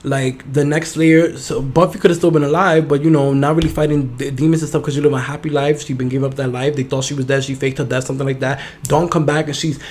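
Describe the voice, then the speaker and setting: A man's voice: medium pitch, fairly even intonation, quick pace, hardly any pauses, a little mellow, slight background noise. A young man hosting a solo podcast, chatting casually in a sassy, profane, campy manner. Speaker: podcast host.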